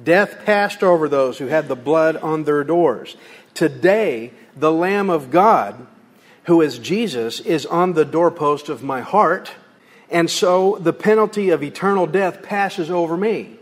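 A man's voice: on the high side, expressive, a little slow. A man preaching a sermon as pastor, in a folksy, conversational way with homey examples. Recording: long hall reverb.

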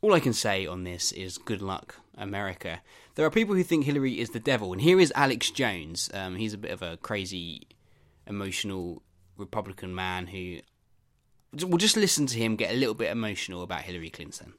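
A man's voice: on the low side, animated, brisk. A man hosting a podcast, giving wry and chatty commentary on the news. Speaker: podcast host. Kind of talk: casual topical commentary.

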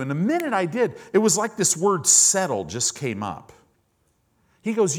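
An animated male pastor preaching to his congregation. His pitch swings widely as he tells stories and acts out the people he quotes, and listeners call back from the pews. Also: normal speed. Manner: animated storytelling, acting out quoted voices. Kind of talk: sermon. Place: church service with congregation responding.

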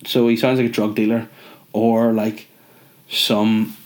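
A man's voice: lowish voice, level tone, slow. A young man with a cold, ranting in a rambling, jokey, sweary way in a casual chat. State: stuffy from a cold. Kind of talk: casual comedic rant.

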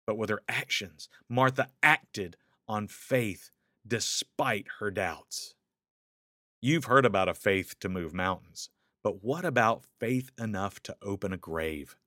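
A man preaching a sermon, rising into urgent questions and dropping to hushed, slow lines. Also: lowish voice, no room sound, clean studio sound. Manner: dramatic swings between raised urgent questions and soft hushed lines.

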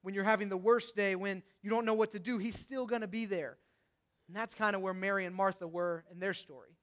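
A young male preacher with a notably high voice delivers a sermon. He builds to passionate, raised outbursts, then drops to hushed and reflective tones. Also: fairly even intonation, brisk.

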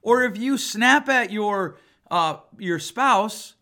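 Speaking slowly but animatedly, this family therapist and podcast host, a man in his forties, has a high, bright, forceful voice. His casual podcast talk is emphatic and blunt.

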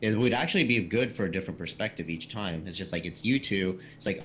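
A man's voice: low-pitched, expressive, fast, hardly any pauses, fairly bright tone, a little hiss or hum, low-quality recording. A man as a podcast guest in casual group chat, easygoing and agreeable and swearing casually.

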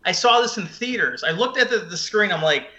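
A man's voice: high voice, expressive, a little fast, pushed and bright, dull audio. A man on a podcast, swearing and ranting heatedly about a film in casual chat. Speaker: podcast co-host.

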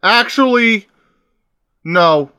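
A man reacts to a film in casual watch-along commentary. His voice sits high and swings widely as he heckles the characters in exasperation. The sound is dry and close, with no room echo. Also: expressive, extremely slow, clean tone. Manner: exasperated, yells insults at the screen.

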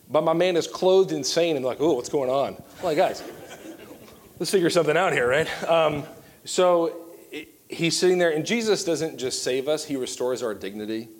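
A man in his thirties, a youth pastor, preaching a sermon with animated, joking asides. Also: fairly high pitch.

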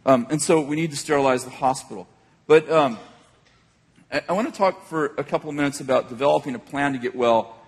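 A man's voice: mid-range voice, brisk, husky, long reverb tail. An older man preaching a sermon as a pastor, speaking in a conversational, storytelling way with frequent restarts.

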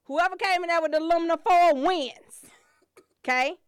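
A woman telling profane comedy stories, loud and animated, swearing and laughing often. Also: extremely high pitch, moderate pace, no echo.

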